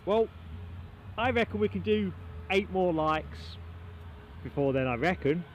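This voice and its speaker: A man's voice: high voice, lively intonation, a little slow, slight background noise. Chatty male plane spotting livestream host. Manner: chatty, reads out viewer comments and thanks them by name. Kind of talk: live plane spotting commentary. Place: outdoors on a grassy mound beside an airport runway.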